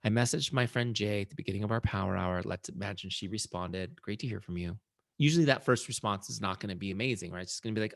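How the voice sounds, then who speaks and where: Gravelly low-voiced man teaching webinar. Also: fast, no echo, studio quality. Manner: chatty and warm, telling stories, often asks "right?". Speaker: webinar host and software founder.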